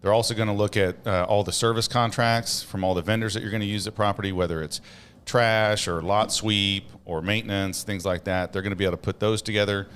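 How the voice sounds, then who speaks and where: A man's voice: fairly low pitch, fairly even intonation, brisk, a bit bright, slight background noise. A man co-hosting a casual podcast chat, explaining things steadily with frequent "uh" fillers. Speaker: co-host.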